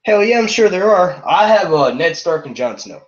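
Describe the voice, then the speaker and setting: Excitable, profane young-sounding man, lo-fi. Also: high-pitched, moderate pace. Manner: excitable, profane, slangy, jumps between topics. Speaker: YouTube reviewer streaming to viewers. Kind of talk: casual live-stream chat.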